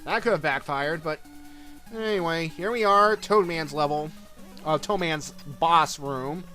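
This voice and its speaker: A man's voice: on the high side, a little slow, bright, forceful tone, soft background music. A man giving casual, rambling commentary over a video game playthrough, full of fillers and restarts. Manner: rambling, lots of fillers and self-corrections. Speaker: let's play commentator.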